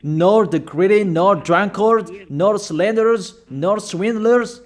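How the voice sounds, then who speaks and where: A high-voiced man preaches a sermon, emphatically admonishing his listeners. His phrasing is slow and deliberate, with pauses and rhetorical questions.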